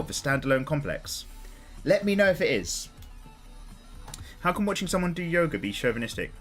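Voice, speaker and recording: A man's voice: on the high side, expressive, moderate pace, long pauses, soft background music. A man chatting casually on a live stream while he draws, greeting viewers and swearing freely.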